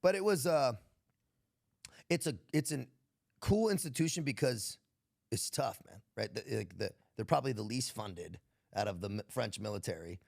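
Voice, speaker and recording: A man's voice: mid-range voice, animated, moderate pace, gravelly, darkish tone. An American man, a military veteran guest, telling stories in a laid-back, profane way and laughing often. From United States. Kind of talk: casual podcast storytelling.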